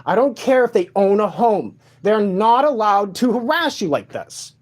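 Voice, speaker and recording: A man's voice: high-pitched, big pitch swings, normal speed. A sleep-deprived man in an agitated, profane rant, speaking in a room of a shared home late at night. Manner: agitated, profane, repetitive ranting.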